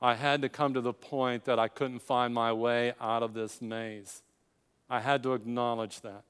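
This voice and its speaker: A man's voice: mid-range voice, little pitch movement, measured pace, fairly bright tone, smooth, in a large hall. An older man preaching a sermon, telling a personal story with quoted dialogue and building to emphatic climaxes.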